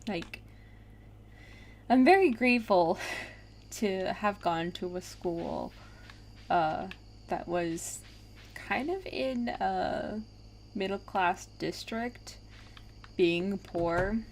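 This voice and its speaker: Slow, rambling woman gamer. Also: mid-range voice, a little mellow, a little hiss or hum. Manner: rambling, with many fillers. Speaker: let's play gamer. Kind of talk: casual gameplay commentary.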